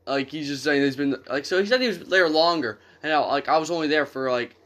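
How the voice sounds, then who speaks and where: A man's voice: fairly high pitch, quick pace, a bit bright. A young man in his late teens chatting casually with friends during a game, rambling with lots of fillers and swearing. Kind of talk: casual voice chat while gaming.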